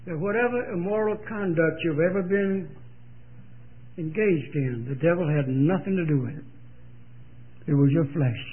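A man's voice: fairly high pitch, measured pace, long pauses, slightly rough. An older man preaching a sermon, telling a story with emphatic repetition and speaking straight to his listeners. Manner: emphatic storytelling, repeats phrases, direct address. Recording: tinny lo-fi sermon recording.

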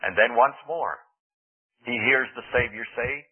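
A man's voice: medium pitch, unhurried, breathy edge, narrow, tinny audio. A man preaching a sermon, telling the story earnestly and dramatically, with rising emphasis. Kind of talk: radio sermon.

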